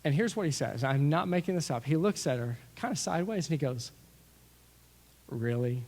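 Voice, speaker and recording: A middle-aged man preaching a sermon as pastor, telling stories with lively asides and acting out what people said. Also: a little high, fast, slight background noise. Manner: storytelling, animated with asides and acted-out quotes. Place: church sanctuary. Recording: long reverb of a large hall.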